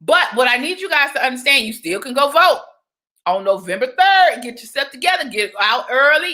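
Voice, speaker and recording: Animated woman livestreaming. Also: on the high side. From Georgia, US. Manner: chatty, animated, breaks into sung exclamations. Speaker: livestream host. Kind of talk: casual livestream chat.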